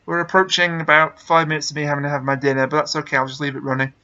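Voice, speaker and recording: A man's voice: fairly high pitch, little pitch movement, rapid-fire, pushed and bright, dull audio. A man hosting a casual online chat, joking and cursing. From Blackpool, England. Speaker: podcast host.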